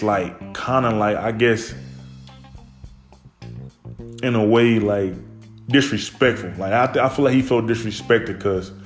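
A young man casually recounting a family story from his childhood, rambling with many fillers and restarts. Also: mid-range voice.

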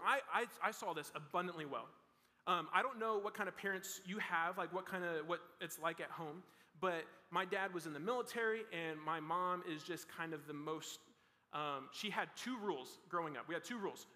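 A man's voice: on the high side, bright, forceful tone. A young man, a youth pastor, giving a casual sermon to students, talking loosely with lots of "like" and restarts. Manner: casual, rambling with many "like" fillers and restarts. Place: large hall with a student audience. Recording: reverberant hall.

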